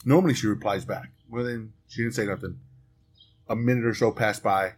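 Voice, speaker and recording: A man with a lowish voice tells a long story to his friends on a podcast. He swears freely and keeps it loose and joking. A faint rumbling noise sits under the recording. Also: steady tone, fairly quick. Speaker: podcast host. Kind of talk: casual chat.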